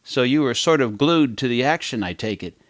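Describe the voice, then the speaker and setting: A man's voice: medium pitch, animated, normal speed, no room sound, studio quality, lightly acted. A man voicing a stiff, formal male journalist interviewing a teenager. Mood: mock-formal. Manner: formal, mock-polite questioning.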